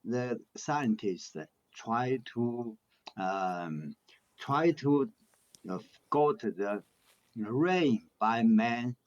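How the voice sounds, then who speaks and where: Slow, halting man on a dull line. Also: mid-range voice, lively intonation. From China. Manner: halting, searching for words. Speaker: caller on a live stream. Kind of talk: casual chat.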